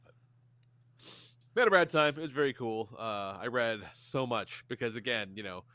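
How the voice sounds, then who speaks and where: A man's voice: medium pitch, moderate pace, smooth, dry recording. A man in his thirties co-hosting a podcast, telling stories and acting out the quotes, swearing freely. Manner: animated storyteller, acts out quotes, swears a lot. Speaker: podcast co-host. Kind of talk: casual chat.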